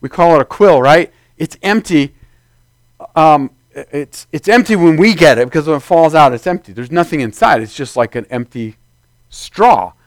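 A man's voice: on the high side, lively intonation, moderate pace, no echo. A man preaching a sermon as pastor, in a conversational way, acting out quoted voices along the way.

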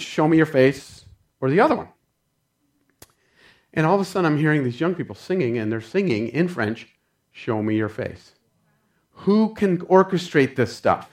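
A man preaching a sermon, telling stories fervently and calling his listeners saints. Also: sits high. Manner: fervent, addresses congregation as saints. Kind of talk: sermon storytelling.

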